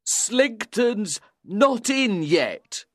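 A man voicing a drunken, unsteady young man who shouts and insists. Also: high-pitched, sing-song, very slow, no echo, studio quality, voice pushed up, heavily acted. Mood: loud.

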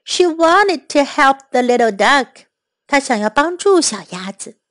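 A woman reading a children's story aloud, switching between English and Chinese lines, slow, clear and patient. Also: sits high, animated, a bit bright.

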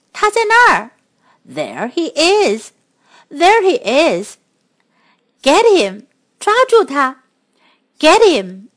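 A woman teaching children English, repeating phrases slowly and clearly in a bilingual lesson. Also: sits high. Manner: slow, clear repetition for children.

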